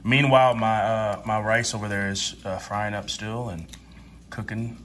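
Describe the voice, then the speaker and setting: Fairly even and a bit low, this man's voice moves at a moderate pace with a fairly bright tone and slight background noise. He's hosting an easygoing cooking vlog at home, joking and chatting to viewers directly through the demo.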